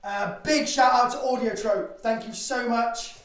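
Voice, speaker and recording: A man's voice: very high-pitched, fairly even intonation, a little slow. A man from Bristol, a folk singer-songwriter, chatting between songs in a rambling, jokey way with casual swearing. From Bristol, England. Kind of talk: banter between songs at a live-streamed gig. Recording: very echoey, distant mic, loud ukulele.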